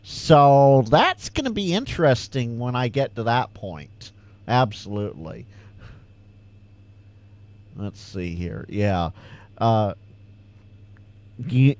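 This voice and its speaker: A man's voice: on the low side, darkish tone, no room sound. A Californian man with a slight Southern twang, hosting a casual livestream Q&A and chatting to viewers, often stammering and repeating words. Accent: slight Southern American twang. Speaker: ham radio livestream host.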